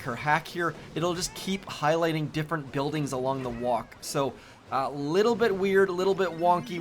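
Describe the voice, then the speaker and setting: A man with a slightly higher-than-usual voice talks through a strategy game as he plays. He sounds chatty and self-deprecating, thinking aloud with plenty of fillers. A faint background hiss sits under the recording. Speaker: host of a mobile strategy game channel. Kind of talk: casual gameplay commentary.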